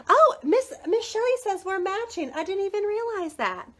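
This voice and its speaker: A bubbly woman in her thirties chats through a live book showcase and greets viewers by name as she goes. Her voice sits high and bounces all over the place. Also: sing-song, measured pace, a bit bright. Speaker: book seller hosting a live video. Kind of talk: chatty live product showcase.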